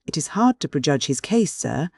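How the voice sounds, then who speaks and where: A man's voice: on the high side, big pitch swings, moderate pace, creaky, a little mellow, husky, no room sound, clean studio sound, exaggerated voice. A man voicing an earnest, submissive male minor canon who speaks in a deferential, pleading way.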